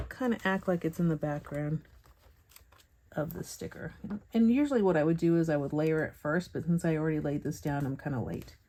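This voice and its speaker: A woman teaching Bible journaling, chatting softly and thinking aloud with hums and pauses as she works at a craft table. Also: low voice. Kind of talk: relaxed craft tutorial narration.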